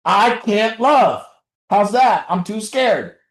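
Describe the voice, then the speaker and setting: A man speaking to a recovery group in an impassioned, confessional way, blunt and profane, dropping low and then shouting. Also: lively intonation, takes it slowly. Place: group meeting room. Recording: roomy echo.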